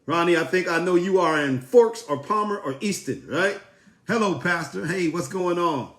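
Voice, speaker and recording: A man's voice: high voice, animated, moderate pace, a bit bright, reverberant. A man from South Jersey hosting a casual livestream, greeting viewers by name in an upbeat, familiar way. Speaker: livestream host.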